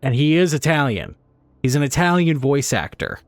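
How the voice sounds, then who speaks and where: A man's voice: a little high, sing-song, normal speed, no echo. A man giving casual, rambling let's play commentary, laughing and swearing as he goes. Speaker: streamer.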